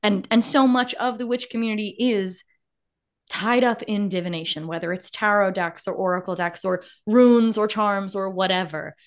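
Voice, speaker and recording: A woman's voice: mid-range voice, fairly even intonation, moderate pace. Woman, podcast host, casual chat, effusive, emotional, laughs a lot, remote call.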